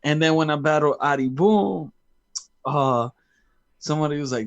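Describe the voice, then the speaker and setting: A man co-hosting a casual live-streamed chat, an animated storyteller who laughs often. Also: mid-range voice, normal speed. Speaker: co-host.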